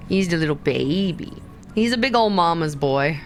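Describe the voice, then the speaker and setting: A woman streamer in casual livestream chat, talking in soft, drawn-out baby talk to her cat. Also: on the low side, expressive, soft background music.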